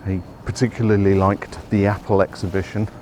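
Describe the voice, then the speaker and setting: The speaker, a man whose voice is on the low side and a little mellow, talks briskly with little pitch movement. He gives a casual, rambling walking tour of city streets, often correcting himself, recorded outside with traffic noise.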